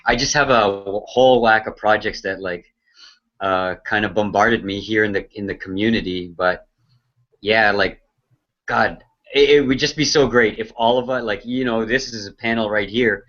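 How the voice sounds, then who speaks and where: A man's voice: on the low side, moderate pace, a bit bright. A man co-hosting an online marketing broadcast, chatting casually in a loose, hesitant way full of fillers. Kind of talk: casual chat. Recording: dull lo-fi sound.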